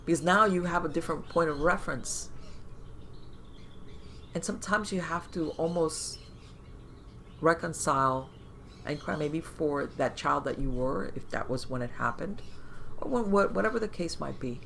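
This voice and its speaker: A podcast host talking in a casual interview, animated, with many fillers and restarts and acted-out inner voices. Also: mid-range voice, moderate pace, creaky, long pauses, slight background noise.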